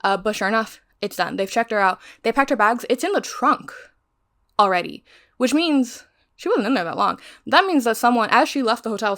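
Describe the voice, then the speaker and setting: A woman's voice: mid-range voice, fairly bright tone. A woman giving a casual, rambling recap of a crime novel she is reading, going off on tangents and swearing freely. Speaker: book reviewer.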